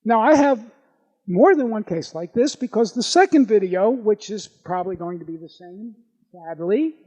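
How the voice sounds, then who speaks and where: A man, a doctor, giving a live talk to an audience and telling patient stories in an animated, anecdotal way. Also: high voice, moderate pace, big-room sound, muffled recording.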